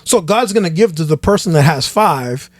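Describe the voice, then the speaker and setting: A man with a fairly high voice chats on a podcast as a guest pastor. He talks in an animated, sermon-like way, looping back and restarting phrases as he builds his point. The sound is close and dry, with no room echo. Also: normal speed. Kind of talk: casual podcast chat.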